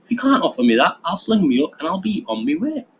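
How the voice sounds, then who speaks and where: A man's voice: high-pitched, very animated, quick pace, slight background noise, voice pushed up, rough recording. A man voicing a blunt, chummy working-class male employee. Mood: indignant. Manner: chummy, slangy, pushy.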